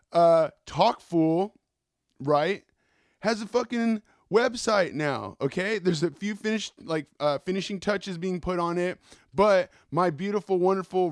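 A man's voice: a little high, dry recording, clean studio sound. Profane, rambling man hosting a podcast. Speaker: podcast host. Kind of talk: casual solo podcast monologue.

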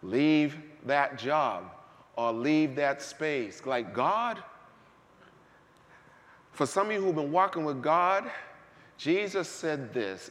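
Male pastor, animated sermon delivery, hushed to shouting, big church hall reverb. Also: fairly high pitch, slow, pauses often. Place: church sanctuary.

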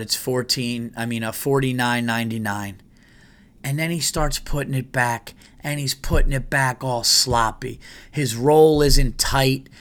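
A man telling a long story in casual podcast chat, profane and animated, jumping into exasperated quoted asides. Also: mid-range voice. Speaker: podcast host.

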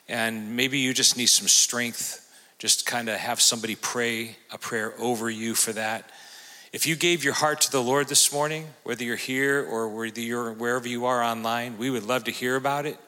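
Bright-voiced pastor closing the service. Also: male voice, medium pitch, steady tone, moderate pace. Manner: warm, conversational with fillers. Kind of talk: closing remarks and invitation. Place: church sanctuary. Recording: long church hall reverb.

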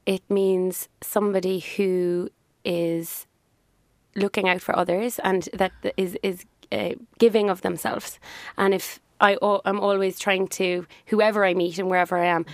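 A woman's voice: medium pitch, no room sound. Businesswoman guest, chatty, easy laugh, dry close sound. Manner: chatty, laughs easily, thinks aloud with fillers. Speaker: business owner, interview guest. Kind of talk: casual interview chat.

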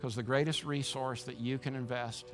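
A man's voice: mid-range voice, steady tone, normal speed, music in the background. A man preaching a sermon as pastor, impassioned and emphatic, often repeating words as he restarts.

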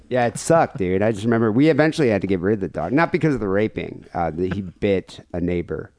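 A man's voice: lowish voice, animated, quick pace, a little mellow, no room sound, studio quality. A man hosting a comedy podcast, chatting casually, laughing often and swearing. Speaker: podcast host.

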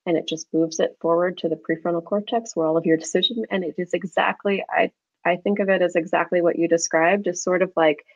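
Low, gravelly woman explaining research. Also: fairly even intonation, brisk, no room sound. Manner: explanatory, with frequent light laughs. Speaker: research expert guest. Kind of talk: conversational interview. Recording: slightly dull lo-fi sound.

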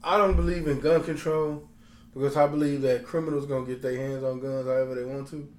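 A man's voice: medium pitch, steady tone, brisk, a little mellow. Blunt man with roomy echo. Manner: blunt, profane, rambling with restarts. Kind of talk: casual chat. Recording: roomy echo, faint background noise.

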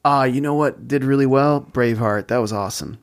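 A young adult man co-hosting a casual podcast. His voice has a gravelly, fry-tinged texture at a middling pitch. He rambles through his points and keeps breaking into laughter mid-sentence. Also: brisk. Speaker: podcast co-host. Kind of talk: casual chat.

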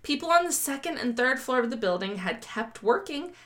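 A woman's voice: high-pitched, big pitch swings, brisk, a bit bright. A woman co-hosting a casual podcast chat. She talks bluntly, swears freely, laughs often and sometimes reads a story aloud. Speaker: podcast co-host.

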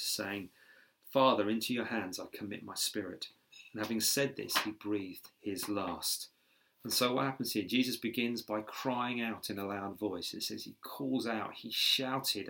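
A man preaching a sermon, explaining scripture in a measured teaching way with occasional fillers and restarts. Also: lowish voice, vocal fry, a bit bright.

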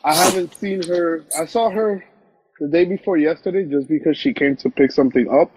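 A man's voice: a little high, fairly quick, background noise. A young man co-hosting a podcast over a phone live stream, talking in a brash, profane, emphatic way. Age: young adult. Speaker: podcast co-host. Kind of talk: casual chat. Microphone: phone on an Instagram live stream.

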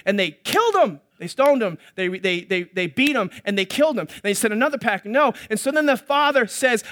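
A male pastor preaching an impassioned sermon, building to loud pleading and then dropping to a soft, quiet prayer. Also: sits high, animated, brisk, hardly any pauses.

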